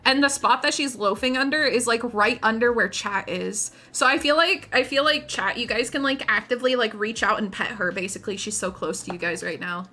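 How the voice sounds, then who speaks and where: A woman's voice: on the high side, fairly quick, few pauses, sharp tone. A woman streamer chatting casually to her viewers while painting miniatures, rambling, giggling and often restarting her sentences.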